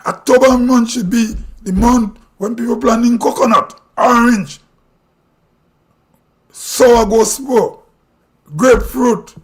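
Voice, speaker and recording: A Grenadian man speaks at a strikingly high pitch, ranting to his live-stream audience. He talks bluntly, firing off rhetorical questions and opinions. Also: steady tone, slow pace, pauses often. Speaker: livestream host. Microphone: streaming mic.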